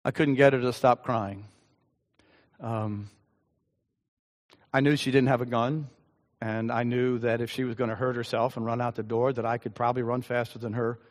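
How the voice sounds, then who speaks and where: A male pastor delivering a sermon with a personal story, earnest and halting, with frequent ums. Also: mid-range voice, level tone. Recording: long hall reverb.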